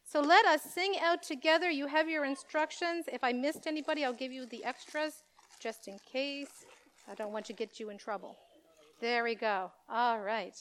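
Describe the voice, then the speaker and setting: A woman leads a children's message at church, speaking in an animated, playful way straight to the kids. Her voice is quite high. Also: moderate pace, a little hiss or hum. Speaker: children's minister.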